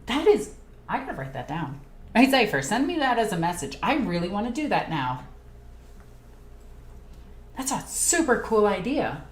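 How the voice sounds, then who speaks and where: A woman hosting a casual live Q&A stream. She reads viewer comments aloud and chats excitedly, jumping from topic to topic. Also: medium pitch, moderate pace, pauses often. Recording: echoey room with faint ambient noise.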